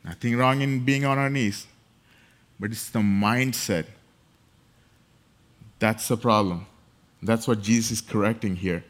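A man's voice: lowish voice, fairly even intonation, unhurried, pauses often. A man preaching a sermon, emphatic and building in force, repeating key phrases. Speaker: pastor.

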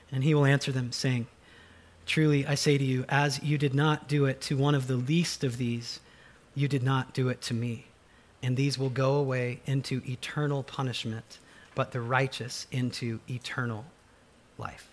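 Male pastor, high voice, earnest and emphatic sermon delivery. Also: fairly even intonation, moderate pace. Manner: earnest, emphatic preaching with acted quotes.

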